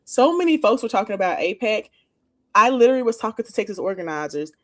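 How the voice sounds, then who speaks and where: A woman co-host with a mid-range voice talks politics in loose, casual conversation. She is frank and relaxed and swears freely, with the plain tone of an organizer talking among friends. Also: medium pitch, fast. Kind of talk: casual political talk-show chat.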